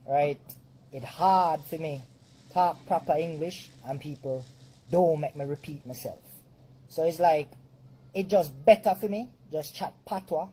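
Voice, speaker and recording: Jamaican-accented man, unhurried delivery, mellow low tone, patois-flavored speech. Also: a little hiss or hum, poor audio. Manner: slow, relaxed, patois-flavored English. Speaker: video creator in a played clip. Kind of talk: talking to camera.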